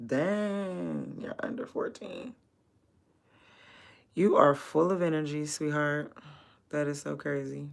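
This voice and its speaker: A woman's voice: low voice, steady tone, unhurried, vocal fry, long pauses. A woman livestreaming while she works, chatting bluntly and profanely with viewers and laughing often. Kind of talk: casual livestream chat.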